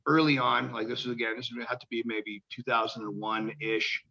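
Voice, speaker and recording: A man at an ordinary pitch with a gravelly, bright edge, telling stories as an interview guest. He acts out the people he quotes and swears casually. The audio sounds dull and lo-fi. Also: flat delivery, a little fast, a little hiss or hum. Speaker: guest, professional wrestler.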